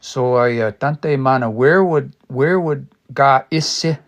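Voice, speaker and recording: A man studying a language on a casual livestream, thinking aloud and sounding out new words slowly and repeatedly. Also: mid-range voice. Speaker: language teacher.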